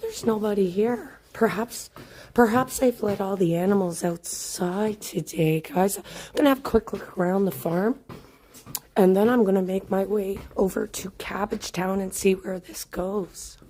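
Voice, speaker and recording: A woman's voice: medium pitch, measured pace, dark tone. A woman hosting a live-stream walking tour outdoors, chatting and greeting viewers by name as she films on a handheld phone. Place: outdoors on a snowy city walk.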